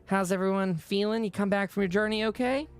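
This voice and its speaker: A man voicing a friendly female settlement leader in a tabletop game, chatty and welcoming, lifted higher than his own voice. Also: a little fast, smooth, soft background music.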